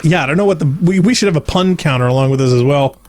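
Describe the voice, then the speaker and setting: A man's voice: fairly high pitch, rapid-fire, darkish tone, faint music behind. A man hosting a let's play, chatting casually, laughing often and reading viewer comments aloud. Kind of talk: casual gameplay chat.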